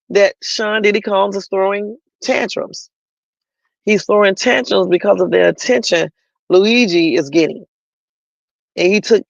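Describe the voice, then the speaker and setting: A man's voice: high voice, creaky, dry recording, lo-fi sound. A man hosting a livestream, giving chatty, opinionated commentary on the news and talking straight to his viewers. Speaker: livestream host.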